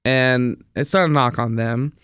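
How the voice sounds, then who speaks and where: A man's voice: medium pitch, fairly even intonation, a little slow, fairly bright tone, clear, resonant tone, dry recording, studio quality. A young man hosting his own podcast, talking enthusiastically in a rambling, repetitive way. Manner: enthusiastic, rambling, repeats himself. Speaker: podcast host and radio DJ. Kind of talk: casual solo podcast monologue.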